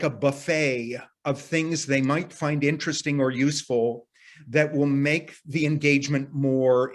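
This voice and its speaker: A man leading an arts workshop, explaining ideas earnestly in a casual teaching voice, sometimes restarting sentences as he thinks aloud. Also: on the high side. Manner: casual phrasing with occasional mild profanity. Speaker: workshop leader. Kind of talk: teaching talk to workshop participants.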